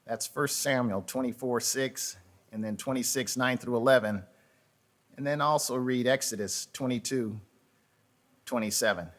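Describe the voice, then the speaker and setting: A man's voice: mid-range voice, moderate pace, fairly bright tone. A man preaching a sermon as pastor, telling folksy stories with asides to the congregation, often repeating words and restarting. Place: church sanctuary.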